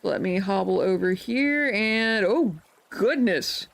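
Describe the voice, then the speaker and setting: A woman's voice: medium pitch, expressive, slow pace, vocal fry. A woman hosting a livestream, talking casually with her chat. She is playful and laughs often, and she tosses out mock-offended comebacks when teased.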